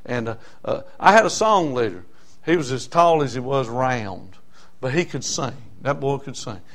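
A middle-aged man preaching a sermon. He tells homespun stories, often stops on "uh, uh" fillers, and builds up to loud emphasis. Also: medium pitch, expressive, normal speed.

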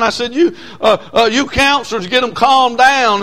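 A man preaching a storytelling sermon in a folksy, repetitive way that turns loud when he is stirred. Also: very high voice, lively intonation, normal speed.

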